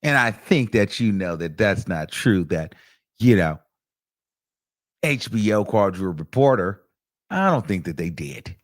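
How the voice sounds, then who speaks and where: A man's voice: fairly low pitch, measured pace, long pauses. A man hosts a casual commentary stream in a loose, gossipy way, with plenty of fillers and profanity. He throws his voice up and down as he acts out other people's words. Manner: chatty, animated and profane, with lots of fillers. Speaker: host.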